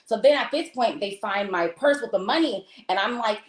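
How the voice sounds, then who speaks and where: In a roomy, echoing recording, an American woman with a mid-range voice and normal speed shares a travel story in casual talk. Animated and full of fillers, she acts out what each person in it said.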